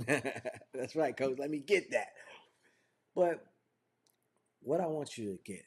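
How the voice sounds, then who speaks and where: A man's voice: medium pitch, expressive, slow, slightly rough. A man leading a motivational sales training over a video call, talking in fervent, repetitive build-ups like a preacher. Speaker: business trainer.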